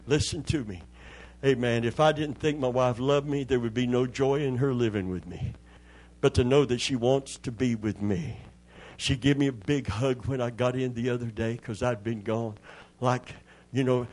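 A man's voice: medium pitch, darkish tone. An older man, a pastor preaching a Pentecostal sermon in a church, joking in a folksy way and calling on the congregation for amens.

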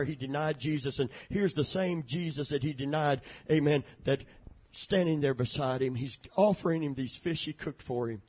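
A preacher giving a sermon, swinging from shouted, chanting climaxes down to low, quiet storytelling. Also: male voice, dull audio. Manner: rising to shouted, chanting peaks, then dropping low and soft.

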